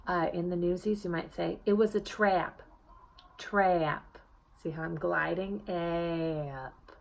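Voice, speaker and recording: A woman's voice: fairly low pitch, creaky. A woman dialect coach giving a lesson, demonstrating sounds and prompting the viewer to repeat. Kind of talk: video accent lesson.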